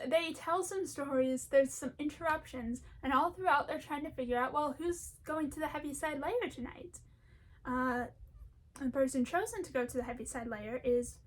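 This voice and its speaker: A young woman rambling in a chatty, animated way as she comments on a favorite topic, laughing often along the way. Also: sits high. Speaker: video essayist.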